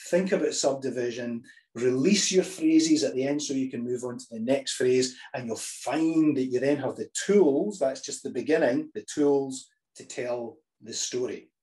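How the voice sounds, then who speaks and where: A man teaching healthy, lively choral singing, talking through the ideas and breaking into sung examples with frequent restarts. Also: medium pitch, normal speed. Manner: demonstrates phrases by singing, restarts often.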